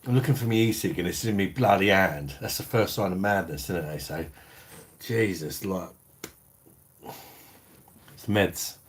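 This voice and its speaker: A man's voice: sits low, normal speed, long pauses, a little hiss or hum. A middle-aged British man hosting a beer review livestream, chatting bluntly in slang, swearing freely and reading out viewer comments. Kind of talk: casual live-stream chat reading viewer comments.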